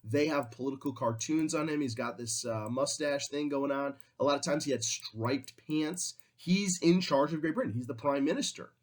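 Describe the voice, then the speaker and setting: A man's voice: a little high, moderate pace, few pauses. Conversational male history teacher. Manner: conversational, acts out quotes in voices. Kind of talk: classroom lecture.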